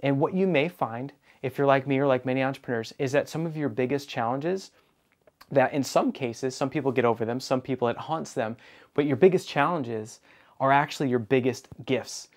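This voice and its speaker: Energetic man telling a coaching story. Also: medium pitch, normal speed. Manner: energetic, acts out quoted dialogue. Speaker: business coach. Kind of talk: storytelling monologue.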